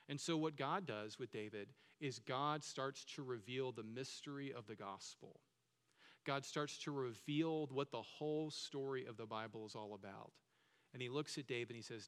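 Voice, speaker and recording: In a reverberant hall, a male pastor delivers a sermon in a medium-pitched, somewhat bright voice. His manner is conversational, and he asks the congregation many questions.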